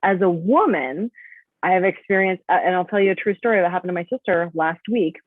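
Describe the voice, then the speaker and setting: Brief: female guest, animated storyteller, tinny dry video-call sound. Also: lowish voice, no echo. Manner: lively storytelling, quick bursts. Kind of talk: casual interview storytelling.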